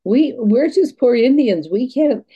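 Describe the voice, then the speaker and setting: A woman's voice: on the high side, lively intonation, measured pace, slightly rough, dull audio, pitched above the performer's own voice. A woman putting on the voices of two elder women teachers in a mock-plaintive tone.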